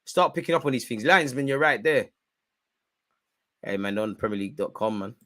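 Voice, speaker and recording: Man, watch-along host, live football commentary, animated, prone to yelling. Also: brisk. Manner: animated, shouts at the referee, spikes in pitch and volume.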